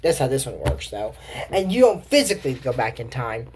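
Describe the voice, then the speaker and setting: A woman's voice: rumbling low, big pitch swings, brisk, darkish tone, a little hiss or hum. A woman casually recapping and commenting on a cartoon episode, rambling and correcting herself as she thinks aloud. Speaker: show commentator.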